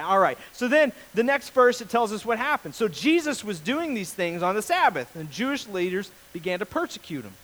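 Animated, high-voiced male pastor. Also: moderate pace, rough recording. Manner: animated storyteller, acts out voices, jokey. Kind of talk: casual sermon.

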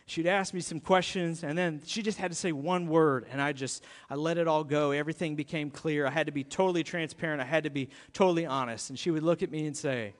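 A male pastor giving an animated, conversational sermon with playful asides. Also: on the high side, quick pace, few pauses. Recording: long hall reverb.

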